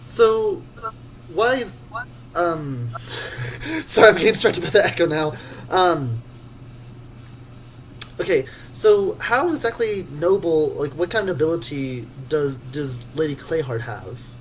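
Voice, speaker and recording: A player in an online tabletop game, describing their character's actions haltingly, with many restarts. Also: mid-range voice, poor audio. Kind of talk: casual tabletop role-play.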